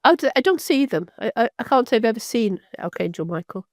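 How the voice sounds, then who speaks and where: Her voice sits on the high side and sounds animated, with no room sound at all in the close, dry recording. She is an older British physician guest whose lengthy interview stories ramble and halt, packed with restarts and repeated words.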